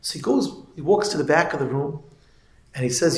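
Male preacher with a higher voice, animated storyteller, recorded in an echoey room. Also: normal speed. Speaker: religious speaker. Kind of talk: sermon storytelling.

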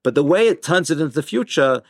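A man teaching an informal Torah class, explaining slowly with frequent restarts and repeated words. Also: fairly high pitch, lively intonation, no echo, studio quality. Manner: hesitant, many restarts, explanatory.

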